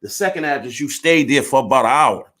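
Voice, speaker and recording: Blunt, animated man in his fifties. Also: mid-range voice, brisk. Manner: animated, blunt, swears, acts out both sides of arguments. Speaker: storyteller recounting his life. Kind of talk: candid personal storytelling.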